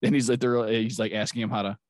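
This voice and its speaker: A man's voice: medium pitch, level tone, fast, dry recording, studio quality. A man hosting a podcast in casual chat, rambling and laughing often as he acts out movie scenes. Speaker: podcast host.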